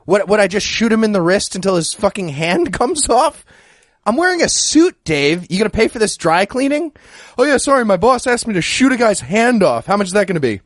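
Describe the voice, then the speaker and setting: A man's voice: high voice, big pitch swings, fairly quick, no echo, clean studio sound. A man voicing a sarcastic, put-upon male henchman in an improvised comedy skit, incredulous and mocking.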